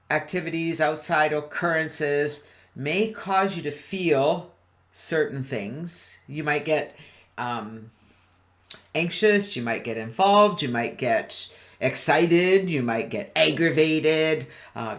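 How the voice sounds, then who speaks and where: A man's voice: on the high side, vocal fry. A man presenting a motivational webinar in an upbeat way, often chuckling and putting questions to his audience. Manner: chuckles between points.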